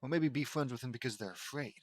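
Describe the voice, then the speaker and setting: A man's voice: mid-range voice, quick pace, dry recording, studio quality. A man reading fan fiction aloud and breaking off into sarcastic, rambling asides that question the story. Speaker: reader and commentator.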